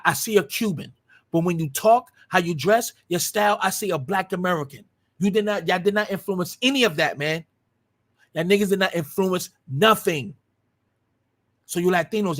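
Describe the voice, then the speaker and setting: A man's voice: high-pitched, moderate pace, fairly bright tone. A man hosting a livestream and speaking in a heated, combative way. He swears freely and hammers his points home by repeating them. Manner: combative, profane, repetitive. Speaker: live stream host.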